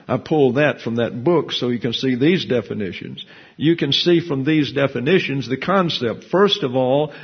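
A man's voice: mid-range voice, breathy edge. A man giving an expository Bible lesson, methodically explaining Hebrew grammar terms and reading out scripture and quotations from grammar books. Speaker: Bible teacher. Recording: dull lo-fi recording.

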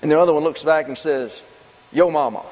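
A man preaching in a folksy, conversational way, tossing out rhetorical questions and answering them himself. His voice sits a bit higher than most men's. It carries through a hall with a long reverb tail. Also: fairly even intonation, racing, a little mellow. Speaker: pastor. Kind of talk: sermon.

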